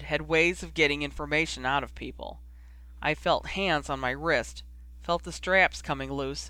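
Guy reading a fanfic audiobook, bright voice, dead dry room. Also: a little high, dry recording. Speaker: audiobook reader. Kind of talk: fan fiction audiobook narration.

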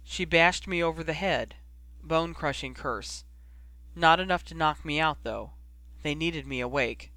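A man voicing a guarded young wizard who speaks quietly and bitterly. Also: on the high side, a little slow, no echo.

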